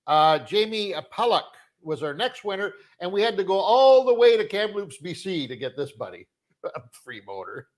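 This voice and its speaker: A man from Canada co-hosting a fishing show livestream, joking and offhand in casual chat, often trailing off quietly. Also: sits high, very animated, moderate pace. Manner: joking, offhand, drifts quieter at the end of phrases.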